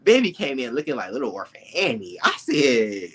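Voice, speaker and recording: A man with a husky, slightly breathy voice who swings wildly between low murmurs and high shrieks. He talks in a campy, animated way and laughs often as he co-hosts a casual review show. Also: a little fast. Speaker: podcast co-host reviewing reality TV. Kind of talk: casual chat.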